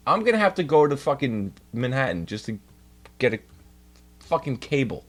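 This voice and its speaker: Exasperated and cursing constantly, a young New Yorker rants off the cuff during a casual livestream. His sing-song voice swings widely and climbs high as he gets worked up, at normal speed, with faint music behind him.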